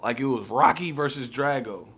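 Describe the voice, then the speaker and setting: A man's voice: mid-range voice, normal speed, a bit bright, husky. A man ranting casually as a boxing commentator, heated and profane, repeating himself. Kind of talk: casual rant.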